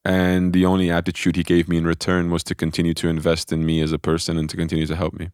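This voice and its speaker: A man telling a personal spiritual story in a relaxed podcast conversation, animated and often restarting his sentences. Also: sits low, fast talker, smooth, no echo, clean studio sound.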